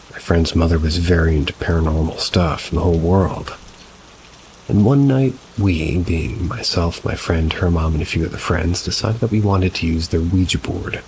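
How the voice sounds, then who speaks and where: A man calmly narrating reader-submitted paranormal stories, adding brief asides of his own. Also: low-pitched, a little hiss or hum, poor audio. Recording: rain sounds mixed behind the voice. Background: steady rain ambience.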